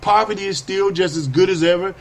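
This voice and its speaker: High-voiced man telling a street parable. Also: a little fast. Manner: animated, swings between high whiny voices and low asides; preachy, street slang. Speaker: podcast host. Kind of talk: storytelling monologue.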